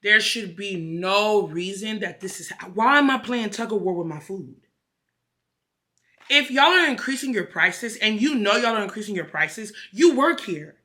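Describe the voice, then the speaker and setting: A woman vlogger telling a story in an animated, profane, emphatic rant. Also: mid-range voice, moderate pace. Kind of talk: casual ranting vlog.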